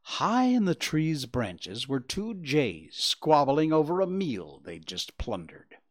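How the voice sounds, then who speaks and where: A man reading a children's story aloud with expressive, gentle narration. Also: on the high side, slow.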